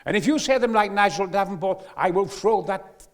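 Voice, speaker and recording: A man's voice: high-pitched, animated, background noise, voice pushed up. A man voicing a volatile male film director who threatens and roars his demands. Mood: furious. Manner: yells explosively, slow heavy emphasis.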